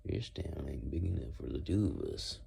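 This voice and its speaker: A man's voice: extremely low pitch, expressive, moderate pace, vocal fry, dark tone, breathy edge, full character voice. A man voicing a Wild West cowboy gunslinger with a Southern US drawl. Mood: challenging.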